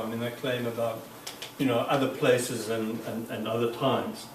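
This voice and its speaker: Halting academic man in echoey room. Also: mid-range voice, level tone, slight background noise. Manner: halting, many fillers and restarts. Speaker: academic speaker. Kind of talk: academic conference talk. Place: lecture room. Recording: echoey room, mic far off.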